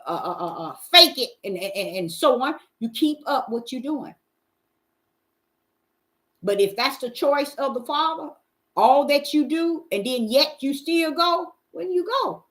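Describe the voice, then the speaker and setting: Hosting a live Bible question session, a middle-aged woman answers questions and preaches informally, folksy and emphatic, calling out to the crowd. She speaks in a high, somewhat bright voice.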